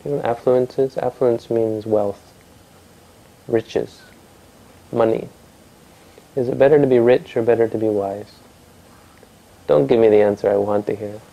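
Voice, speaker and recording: A man's voice: mid-range voice, fairly even intonation, measured pace, creaky, long pauses, muffled recording. A man telling a traditional story to a family audience in a conversational way, asking his listeners questions and often restarting his sentences.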